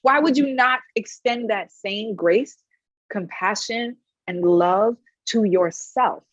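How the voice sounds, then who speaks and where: A woman wellness practitioner giving advice in a panel conversation, telling animated stories and often checking in with "right?". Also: medium pitch, takes it slowly, no echo, muffled recording. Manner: animated storyteller, frequent "right?" tag questions.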